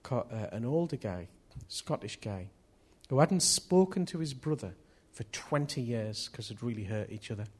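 A man's voice: mid-range voice, expressive, moderate pace, few pauses, breathy edge. A man preaching a sermon in an earnest manner, often repeating key phrases.

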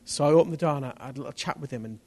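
Animated preacher man. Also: fairly high pitch, very fast, slightly rough. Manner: animated storytelling, voice rising to shouts in retold moments. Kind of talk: testimony sermon.

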